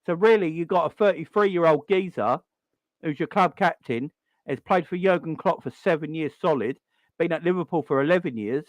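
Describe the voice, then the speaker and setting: A man's voice: on the high side, normal speed, no echo. A man with a South London accent hosting a football call-in stream, talking in a blunt, opinionated way and repeating his points. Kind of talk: casual live-stream commentary.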